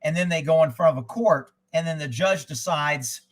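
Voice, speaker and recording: A man's voice: on the high side, normal speed, rough recording. A man hosting a live stream, telling stories in a casual, rambling way, blunt and profane, digressing as he goes. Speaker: host of a live news and chat stream; former child abduction investigator.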